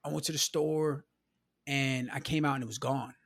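A man from Milwaukee in the US Midwest is a guest on a podcast, casually telling growing-up stories and dropping "you know", "man" and "bro" throughout. His pitch is medium, his intonation fairly even, and his speed normal. The audio is studio quality, with no room sound.

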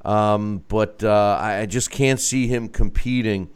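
A man's voice: lowish voice, fairly even intonation, measured pace, clean tone. A man chatting casually about boxing, asking questions and stammering into restarts. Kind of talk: casual sports discussion.

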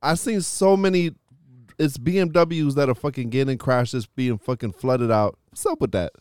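A man talking on a casual podcast with a smooth, clear voice, recorded dry and close. He rambles and swears his way through animated rants. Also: medium pitch, normal speed, dry recording. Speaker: podcast co-host.

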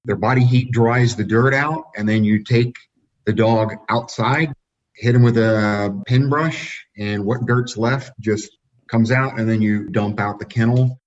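A man, a dog-breeder guest on a podcast, telling relaxed anecdotes in a casual way. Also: fairly low pitch, measured pace. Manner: relaxed, anecdotal, chuckles at his own stories. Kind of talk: casual storytelling. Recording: dull lo-fi sound.

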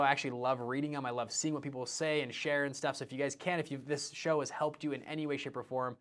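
A man's voice: mid-range voice, a bit bright. A man hosting a solo podcast, talking casually and rambling off on tangents with lots of restarts and fillers. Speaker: podcast host.

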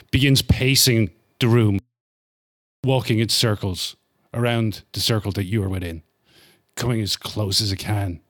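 A man at a middling pitch runs a tabletop horror game as its game master. He lays out each scene in careful detail, building dread as he goes. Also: fairly bright tone.

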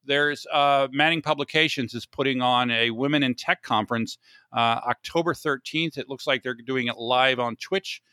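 A man's voice: mid-range voice, normal speed, bright, forceful tone, clean tone, dry recording, studio quality. A man from Florida hosting a podcast in a chatty, joking way, often restarting his sentences. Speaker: podcast host. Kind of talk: casual podcast chat.

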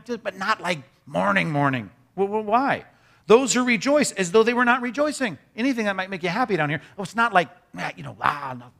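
With a high voice, a male pastor gives an animated, conversational sermon, punctuated by quick remarks to his congregation.

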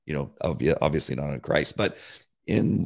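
A man co-hosting a faith podcast in casual chat, with a deep voice, animated and repeating words when excited. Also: moderate pace. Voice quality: deep, gravelly voice. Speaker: podcast co-host.

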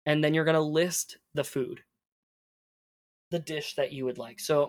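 A man teaching conversational Spanish, patiently explaining and modeling phrases slowly. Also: a little high, dry recording, studio quality.

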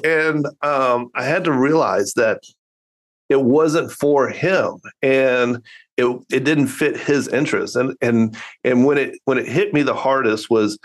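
A middle-aged man speaks as a podcast guest with earnest, reflective candor. His voice sits at an ordinary pitch, and he tells stories in a loose conversational way. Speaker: podcast guest, father and coach. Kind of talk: casual conversational storytelling.

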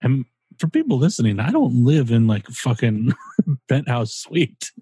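Unhurried and sing-song, this co-host has a medium-pitched, dark, slightly rough voice, recorded with no room sound. He rambles and jokes on a casual podcast chat, dropping the odd swear word.

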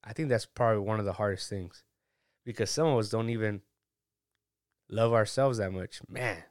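A man's voice: fairly low pitch, moderate pace, no echo, clean studio sound. A man giving a casual, chatty sermon, reading scripture and laughing at his own asides. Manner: relaxed, chatty, laughs at himself. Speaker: preacher.

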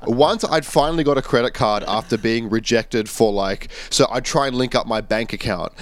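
A man's voice: mid-range voice, moderate pace. A young man, telling stories as a podcast guest in a rambling, casual way full of fillers. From Australia. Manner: rambling storyteller, many fillers and restarts. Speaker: guest musician.

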